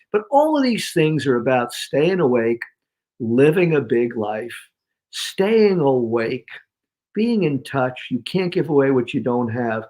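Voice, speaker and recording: A man from New York, a guest on an interview show, giving punchy, emphatic motivational talk. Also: fairly high pitch. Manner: energetic, emphatic, punchy repetitions. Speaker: guest speaker.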